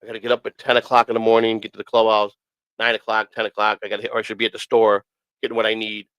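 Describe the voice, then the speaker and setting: Fast-talking profane man telling stories. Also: on the low side, monotone, a bit bright, smooth, no room sound, lo-fi sound. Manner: profane, rambling, repeats himself. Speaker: podcast host. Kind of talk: casual storytelling.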